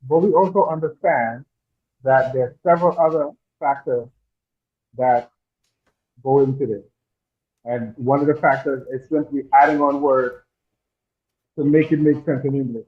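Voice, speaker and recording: A man co-hosting a casual stream discussion, making measured explanatory points. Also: mid-range voice. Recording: tinny phone-like line.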